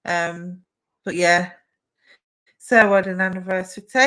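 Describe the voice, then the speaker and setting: A woman's voice: medium pitch, fairly even intonation, moderate pace, low-quality recording. A young woman hosting a casual live stream, chatting to viewers and giving psychic readings with plenty of fillers. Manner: chatty, warm replies to viewer comments with frequent fillers.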